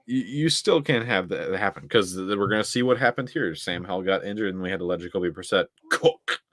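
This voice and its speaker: Deep-voiced young man in excited sports chat. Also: a little fast, no room sound. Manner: excitable, stat-heavy, laughs often. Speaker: co-host.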